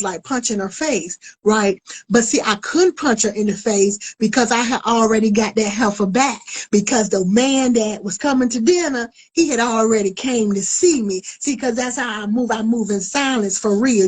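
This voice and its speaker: A middle-aged woman hosting a talk show, telling a personal story in a sassy, animated way and addressing her audience directly. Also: on the high side, low-quality recording. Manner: animated, acts out quoted voices. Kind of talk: storytelling monologue.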